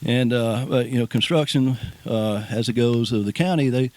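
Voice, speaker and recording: A man's voice: medium pitch, moderate pace, a little mellow, dry recording. A man giving a rambling, folksy speech of thanks outdoors, often repeating words and restarting. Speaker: speaker at a ribbon cutting. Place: outdoors at a nature preserve.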